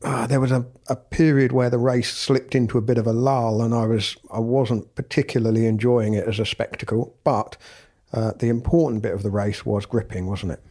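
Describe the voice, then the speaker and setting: A man's voice: medium pitch, fairly even intonation, moderate pace, warm tone. A man co-hosting a podcast, talking things through in a thoughtful, reflective way. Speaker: podcast co-host. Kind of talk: casual podcast chat.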